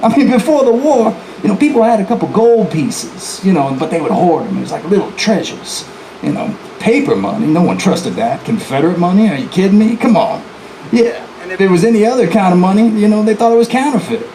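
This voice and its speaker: A man's voice: sits high, animated, a little fast, warm tone, roomy sound, a little hiss or hum, rough recording. A man playing a boastful, defiant male outlaw bank robber in a folksy first-person storytelling performance, talking straight to the audience. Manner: folksy, chatty asides to the audience. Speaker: historical reenactor. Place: live presentation venue, indoors.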